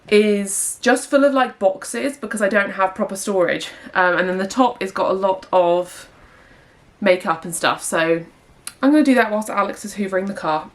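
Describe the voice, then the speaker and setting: A young woman talks casually to her camera at home. She rambles a little, with plenty of fillers, in an everyday mid-range voice. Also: medium pitch. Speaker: vlogger. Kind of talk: casual vlog chat. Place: home indoors.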